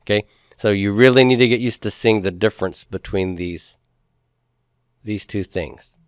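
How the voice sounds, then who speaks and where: A man's voice: on the low side, moderate pace, smooth, dry recording, clean studio sound. A man teaching a Hebrew grammar class who explains each step patiently and puts questions to his students. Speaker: Hebrew instructor.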